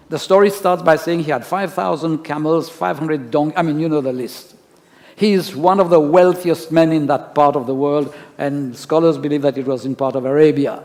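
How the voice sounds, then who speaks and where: A man's voice: fairly high pitch, normal speed, a little mellow. Male pastor preaching in a reverberant church. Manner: storytelling preacher with rhetorical questions. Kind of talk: sermon. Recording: long church-hall reverb.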